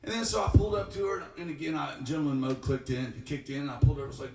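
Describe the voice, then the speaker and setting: A man's voice: a little high, racing, few pauses, darkish tone, faint music behind. A young man, a singer-songwriter, tells a rambling, self-deprecating story between songs at a live-streamed studio show. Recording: roomy studio, mic at a distance.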